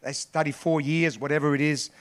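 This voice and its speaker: A man preaches a sermon in a voice that sits a little high for a man. He is emphatic and repetitive, rising loud on key words and then falling quiet. He sounds like a middle-aged pastor working through his points. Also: steady tone, a little fast. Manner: emphatic, repetitive preaching with big swings in pitch and loudness.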